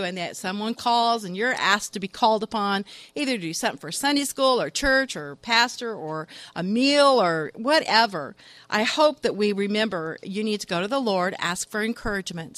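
A woman's voice: medium pitch, a bit bright, no room sound. A woman who coordinates funerals at her church, giving an earnest devotional talk with a joke in it. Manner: earnest and exhorting, telling a joke.

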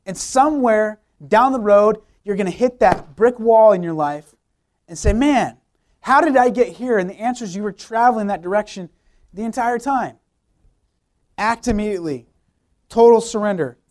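A man's voice: high-pitched, normal speed, a little mellow. A young man, a youth pastor, preaching a sermon with emphatic repeated phrases and rhetorical questions.

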